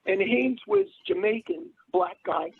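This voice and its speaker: A man on a radio panel telling long rambling stories in casual chat, launching into loud impressions. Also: extremely high pitch, big pitch swings, unhurried, vocal fry, slightly rough, narrow, tinny audio.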